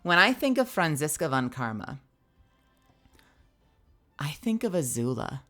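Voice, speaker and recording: A tired woman streamer chatting loosely with her viewers. Her voice is low-pitched for a woman but bright and forceful, and she rambles with frequent giggles and restarts. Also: big pitch swings, measured pace, soft background music. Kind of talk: casual chat with viewers.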